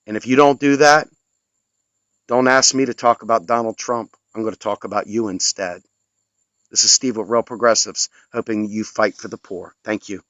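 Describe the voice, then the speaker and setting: A man's voice: on the low side, fairly even intonation, moderate pace, fairly bright tone, no room sound, highs cut off. A man delivering an impassioned political rant, angry, sarcastic and scolding toward his listeners. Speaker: political commentator.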